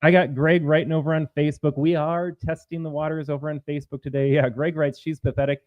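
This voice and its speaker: A man's voice: on the high side, little pitch movement, quick pace, no room sound, phone-quality sound. A man hosting a live-streamed political commentary show, talking combatively and reading out viewer comments. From Minnesota.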